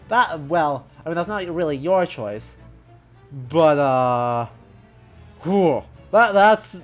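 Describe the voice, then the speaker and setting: A woman's voice: sits low, expressive, slow, faint music behind. A woman streamer talking casually while playing a game, in a chatty, rambling way that keeps correcting itself. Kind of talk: casual gaming stream commentary.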